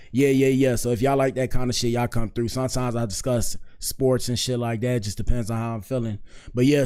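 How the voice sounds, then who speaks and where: A man of ordinary pitch chats on a live stream, relaxed and loose. His talk is full of slang and filler like "bro". He sounds like he is speaking from a home streaming setup. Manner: laid-back, slangy, keeps saying "bro" and "dog". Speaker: streamer hosting a commentary show. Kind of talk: casual live-stream commentary.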